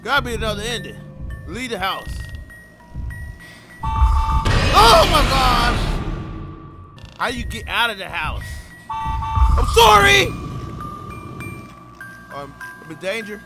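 A man giving loud, excitable commentary while playing a horror game, full of slang and yelling at jump scares. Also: very high voice, slow pace, pauses often, over music. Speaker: gamer.

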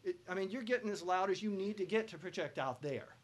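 Guy running a vocal masterclass, kinda high voice, gets loud and animated, sings bits to show stuff. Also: fast. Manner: animated, belts out sung examples. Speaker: vocal production instructor. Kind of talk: masterclass lecture to students.

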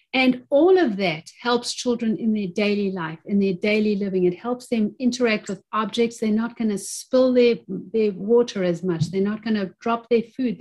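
Her voice sits in the mid range with a darkish quality. She's a woman in her fifties, an occupational therapist interviewed as a webinar guest, speaking earnestly into a video-call mic and restating phrases to stress what she means.

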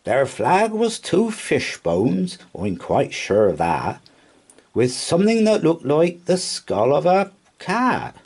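Guy doing a squeaky scared fishing boat skipper, husky, storybook voice. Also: huge pitch swings, slow, a little mellow, exaggerated voice. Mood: insistent. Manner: high, strained and frightened. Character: boastful then panicked male trawler skipper.

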